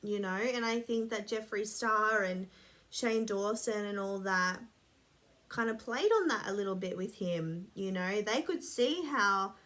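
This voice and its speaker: A woman's voice: mid-range voice, measured pace, a bit bright. A woman rambling casually to camera, blunt and sweary, a bit sniffly. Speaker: vlogger.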